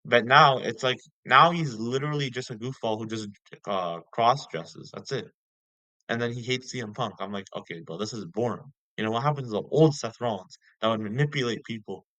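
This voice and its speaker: A man's voice: mid-range voice, brisk, bright, forceful tone. Young dude ranting on his vlog, says like a ton, repeats stuff, dry no-echo audio. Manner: ranting, heavy filler words, repeats himself. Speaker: vlogger. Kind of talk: casual rant.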